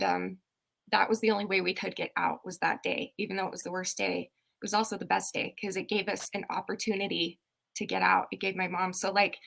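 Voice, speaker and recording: A woman's voice: medium pitch, vocal fry, a bit bright. A woman co-hosting a casual podcast, speaking openly and chattily, often breaking off mid-sentence. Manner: chatty, self-interrupting, open. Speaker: podcast co-host. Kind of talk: casual chat.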